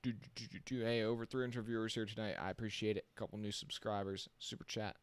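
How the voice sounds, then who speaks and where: Excitable man calling a race live. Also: on the low side, quick pace, clear, resonant tone, no echo. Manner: excitable, reacts on the fly, chats to viewers. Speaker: live-stream race commentator. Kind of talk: casual live-stream race commentary.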